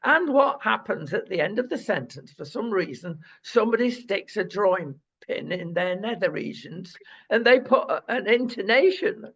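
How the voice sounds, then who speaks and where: A man's voice: high voice, animated, normal speed, creaky, a bit bright, breathy edge, lo-fi sound. A man hosting a casual talk show, opinionated and wry.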